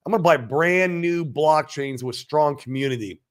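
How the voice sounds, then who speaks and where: This slightly high-voiced man hosts an informal crypto stream at a normal pace. He's cocky and swears freely, alternating between booming hype and quiet mumbling as he goes through chat comments.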